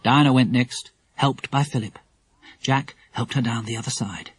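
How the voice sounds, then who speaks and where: A man narrating a children's audiobook in a lively, expressive storytelling manner. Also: mid-range voice, moderate pace, husky.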